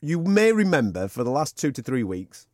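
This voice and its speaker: A man, co-hosting a boxing podcast in quick, teasing, casual chat. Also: mid-range voice, dry recording, studio quality. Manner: quick, lively, teasing banter.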